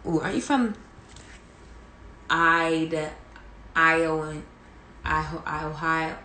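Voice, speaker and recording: A woman's voice: sits low, steady tone, slow, pushed and bright, roomy sound, slight background noise. A young woman, a girl group singer, chatting casually with viewers during a live stream from home, rambling with lots of "like" and "you know". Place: indoors at home, near a heater. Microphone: phone.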